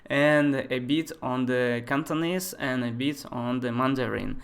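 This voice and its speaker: A man in his twenties, not a native English speaker, thinking aloud and chatting with viewers during a live software tutorial. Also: mid-range voice, a little slow, gravelly. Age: 20s. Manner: thinks aloud, chatty asides, answers chat questions. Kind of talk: live screen-share tutorial.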